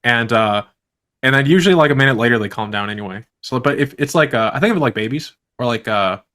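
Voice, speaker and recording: Fast-talking man, casual and rambling. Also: medium pitch, lively intonation, a bit bright. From grew up on a farm. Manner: rambling, many fillers, laughs often. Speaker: guest. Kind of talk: casual conversation.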